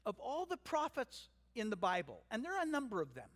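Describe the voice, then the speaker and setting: A Canadian pastor preaches an earnest, emphatic sermon, weaving teaching together with stories about his family. His voice is extremely high and a bit bright, swooping wildly in pitch at a slightly fast pace, with long hall reverb from the church sanctuary.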